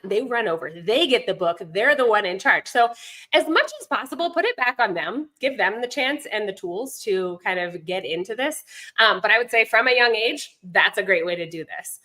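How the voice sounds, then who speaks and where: Bright-voiced woman chatting about homeschooling. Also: mid-range voice. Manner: chatty, digresses, many fillers. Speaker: guest, homeschooling mom and language instructor. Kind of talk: conversational podcast interview.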